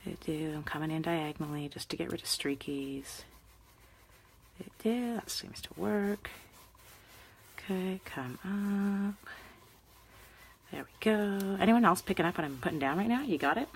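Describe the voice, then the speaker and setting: A woman's voice: fairly low pitch, a little slow, long pauses, a little hiss or hum. A woman hosting a live card-making demo, chatting with viewers by name as she works. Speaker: crafting demonstrator.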